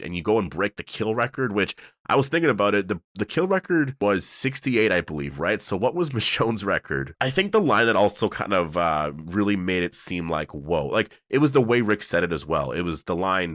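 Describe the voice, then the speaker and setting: Deep-voiced man rambling about a show. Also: brisk, no room sound, clean studio sound. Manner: rambling, filler-heavy, excitable. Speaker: show reviewer. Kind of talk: casual video breakdown.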